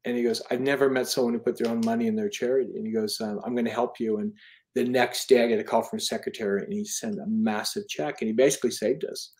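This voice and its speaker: The speaker, an author in his fifties who founded a charity, talks fast in a steady, medium-pitched and slightly mellow voice. Telling stories in a casual interview, he is earnest yet rambling, with fillers and restarts.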